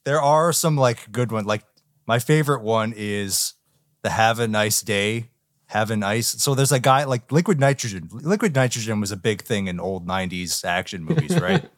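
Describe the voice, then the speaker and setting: A man co-hosting a casual movie review chat, animated and mocking. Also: mid-range voice, normal speed, dry recording, studio quality. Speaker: podcast co-host.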